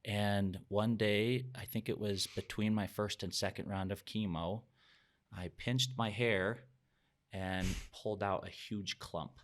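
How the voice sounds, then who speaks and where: Low-voiced man telling a heartfelt story. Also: steady tone, takes it slowly. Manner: earnest, reflective, sometimes emotional. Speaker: podcast guest.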